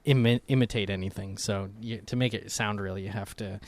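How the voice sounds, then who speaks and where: A man's voice: on the low side, steady tone, a little fast, dry recording. A man co-hosting a casual podcast, telling loose, profane stories and slipping into voices. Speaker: podcast co-host.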